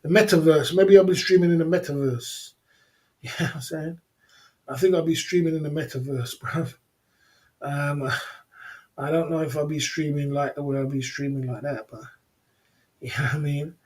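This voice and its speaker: A man's voice: on the high side, steady tone, moderate pace, long pauses, a little mellow. Laid-back, slangy man streaming live. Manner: laid-back, chuckling, slangy, repeats himself. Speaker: livestream host. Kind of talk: casual livestream chat.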